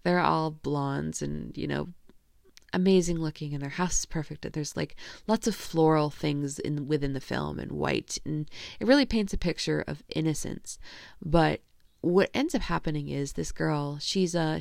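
A woman's voice: sits low, normal speed, creaky, dry recording, studio quality. A woman hosting her own podcast, reviewing films in a casual, rambling way with frequent fillers and restarts. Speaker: podcast host. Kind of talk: casual solo film review.

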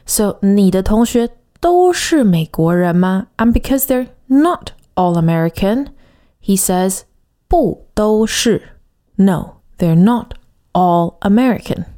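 A woman co-hosting a podcast language lesson, explaining clearly and saying example words slowly. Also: mid-range voice, expressive, mellow. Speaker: language teacher.

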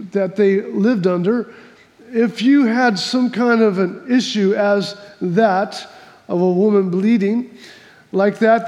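High-voiced pastor in a reverberant hall. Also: male voice, a little mellow, dull audio. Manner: folksy storytelling, restarts and repeats. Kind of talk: sermon with opening joke.

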